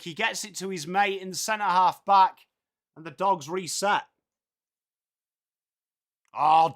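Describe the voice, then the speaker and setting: Chatty high-voiced male stream commentator. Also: fairly bright tone. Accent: English. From England. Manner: chatty, reads viewer comments aloud, swears casually. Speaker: live stream host commentating football. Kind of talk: casual live watchalong commentary.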